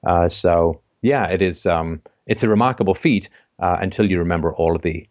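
A man hosting a call-in show, talking in a measured, reflective way with frequent fillers. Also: deep voice, no room sound, studio quality. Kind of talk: casual phone-in discussion.

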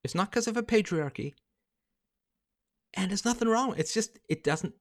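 A man's voice: high voice, lively intonation, normal speed. A man hosting a livestream monologue, emphatic and lecturing, walking through numbers step by step. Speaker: livestream host.

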